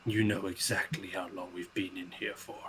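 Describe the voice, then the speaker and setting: A man's voice: deep voice, little pitch movement, moderate pace, a crowd in the background, pitched below the performer's own voice, rough recording. A man voicing a wary male human paladin who leads a group and speaks in a stern, formal, suspicious way.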